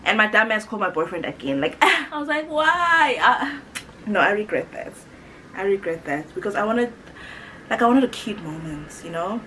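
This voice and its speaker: Speaking briskly at medium pitch, this late-twenties South African woman, heavily pregnant, tells casual stories to her viewers. She's chatty and animated, laughs a lot, and acts out quotes, though the low-quality audio carries slight hiss or hum.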